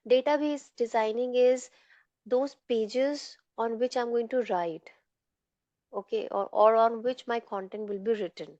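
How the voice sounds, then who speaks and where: A woman's voice: on the high side, a little mellow, no room sound. A woman giving a lecture on clinical data management, talking through it step by step with frequent "okay" and "you know". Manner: explanatory, many fillers like "okay" and "you know". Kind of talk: online lecture. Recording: dull dry lo-fi audio.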